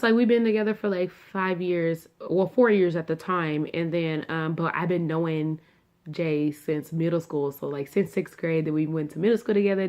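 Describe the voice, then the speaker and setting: A woman's voice: deep voice, darkish tone. A young adult woman vlogging, telling her own story in a casual, chatty way, full of fillers and asides to viewers. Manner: chatty, filler-heavy, addresses viewers as y'all.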